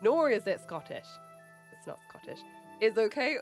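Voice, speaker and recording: A woman's voice: a little high, big pitch swings, brisk, no room sound, soft background music. A woman in her late twenties with an English accent, chatting casually with her stream viewers, laughing often and swearing freely. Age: late 20s. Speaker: livestreamer.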